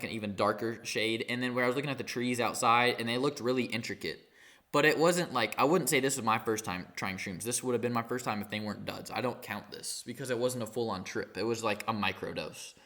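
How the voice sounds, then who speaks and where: A teenage boy rambling through a storytime vlog while high, halting and full of fillers and swearing. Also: fairly bright tone. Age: teens. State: high on cannabis. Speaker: vlogger.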